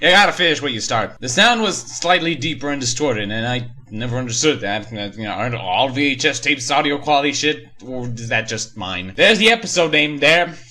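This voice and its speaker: A man's voice: mid-range voice, expressive, normal speed, hardly any pauses, pushed and bright. A man reading and mocking a horror story in a sarcastic, profane comedic rant. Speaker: creepypasta reviewer. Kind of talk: comedic creepypasta reading and review.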